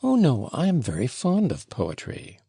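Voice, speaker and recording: Audiobook: man doing an admiring, coaxing young woman, gravelly husky read. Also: medium pitch, huge pitch swings, moderate pace, warm tone, dry recording, studio quality, pitched above the performer's own voice, exaggerated voice. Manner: insinuating, coaxing. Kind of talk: audiobook reading.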